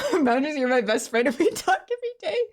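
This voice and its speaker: A woman's voice: high voice, big pitch swings, brisk. A young woman streamer chatting casually with viewers, rambling with many fillers and restarts, and laughing in a sniffly way that sounds close to tears.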